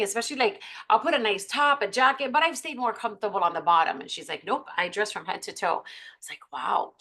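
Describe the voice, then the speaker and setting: A woman's voice: mid-range voice, a bit bright. A woman leading her sales team in a casual training chat, upbeat and chatty with many fillers. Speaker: team leader of beauty consultants.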